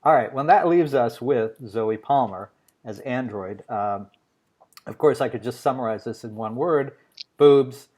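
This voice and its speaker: A man's voice: medium pitch, normal speed, a little mellow, breathy edge. A man hosting an interview, chatty and joking, with fillers between his questions. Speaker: interview show host. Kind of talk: casual interview conversation.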